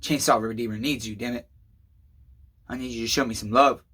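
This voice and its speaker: Middle-aged man, bright edgy voice, raw emotional vlog rant, cusses a lot, loud then quiet and tired. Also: fairly even intonation, brisk, husky. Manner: swings between shouting outbursts and low weary confession; swears constantly, calls viewers neighbors. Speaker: chainsaw channel host. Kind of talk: emotional rambling vlog monologue.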